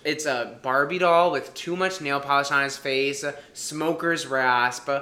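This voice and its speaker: A man's voice: mid-range voice, a little slow, sharp tone, roomy sound. A man co-hosting a podcast in casual chat, playful and rambling, often laughing. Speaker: podcast co-host. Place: apartment room.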